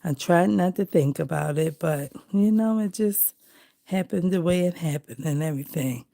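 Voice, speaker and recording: A woman hosting a casual livestream, chatting with viewers in a relaxed, rambling way while she collages. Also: lowish voice, normal speed, gravelly. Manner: chatty and rambling, greeting viewers, many fillers. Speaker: livestream host. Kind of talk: casual live-stream chat while collaging.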